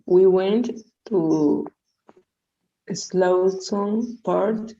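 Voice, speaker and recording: A woman student in an online English lesson, reading example sentences aloud carefully and haltingly. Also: medium pitch, dark tone, muffled recording.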